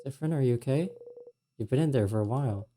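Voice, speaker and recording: A man reads the part of a cool, perceptive woman researcher with glasses who asks polite, careful questions. The voice sits in a middling pitch with a soft, mellow tone. There is a faint hiss underneath. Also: fast, natural voice. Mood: concerned. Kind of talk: reading game dialogue aloud.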